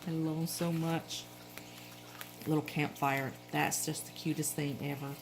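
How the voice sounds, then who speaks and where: A middle-aged woman with a Southern accent talks in a low, easygoing voice. She chats and rambles, often stopping to correct herself mid-sentence. A faint hum sits underneath the recording. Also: little pitch movement, unhurried. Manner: chatty, rambling, frequent self-corrections. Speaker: planner vlogger. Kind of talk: casual show-and-tell chat.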